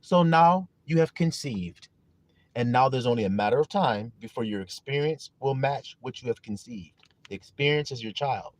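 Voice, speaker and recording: A man delivers a sermon over a live stream in a medium-pitched, expressive voice at normal speed, with no echo. He is emphatic, keeps asking listeners if they understand, and says hello to people in the chat.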